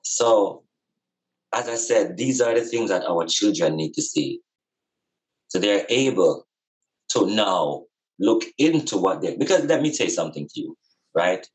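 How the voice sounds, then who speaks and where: A man's voice: fairly low pitch, expressive, measured pace, pauses often, low-quality recording. A man talking as a guest over a video call, reasoning earnestly with impassioned, repetitive, preacherly emphasis. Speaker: podcast guest.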